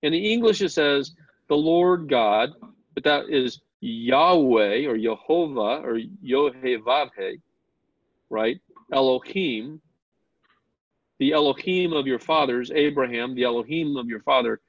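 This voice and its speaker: A man's voice: medium pitch, measured pace, no echo, dull audio. A man teaching a Bible class, explaining step by step, asking the class questions and often repeating words as he starts a sentence.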